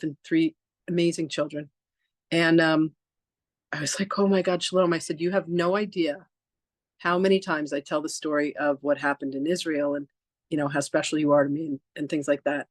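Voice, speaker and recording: Heard in a dry recording, a deep-voiced woman, reverend and podcast host, tells a personal story in easygoing chat. She acts out the dialogue, sprinkling in lots of "like" and restarts.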